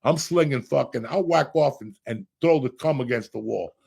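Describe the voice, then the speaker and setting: Man, middle-aged, gravelly husky voice, loud profane storytelling, podcast host. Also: mid-range voice, normal speed. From Cuba.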